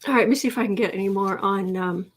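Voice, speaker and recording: A woman hosting a live tarot stream from home, excited and teary, her voice shaky as she chats and laughs. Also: mid-range voice, quick pace. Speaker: tarot reader host. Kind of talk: emotional live-stream chat.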